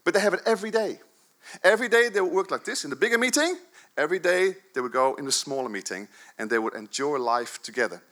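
At a church service, a pastor in his fifties delivers a jokey, animated sermon, swinging between loud bursts and soft asides. His voice is on the high side and fast.

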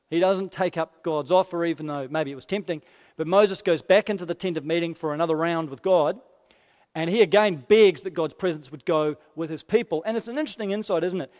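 Guy preaching in a church hall, goes soft and low on quotes, echoey. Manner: expressive, dips quiet for quoted lines. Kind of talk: sermon. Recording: long hall reverb.

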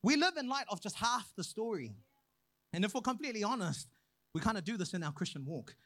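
A young man preaching a sermon, praying and then telling a personal story in an animated way. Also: high-pitched, fairly quick, dry recording. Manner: animated storyteller, acts out quoted voices.

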